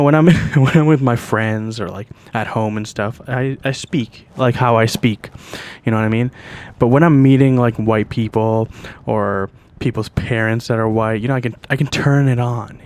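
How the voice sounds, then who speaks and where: A young Canadian man hosts a podcast, telling a story in a loose, profane monologue peppered with "like" and "you know what I mean." He speaks at normal speed in a Canadian English accent, with a steady, mid-range, darkish voice.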